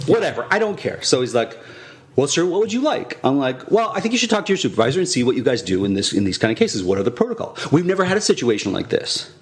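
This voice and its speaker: A man co-hosting a comedy podcast, telling a long complaint story in a lively voice that swings up and down in pitch. He acts out both sides of the conversation, shifting to mock-indignant tones. Medium pitch overall. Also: rapid-fire, few pauses. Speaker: podcast co-host.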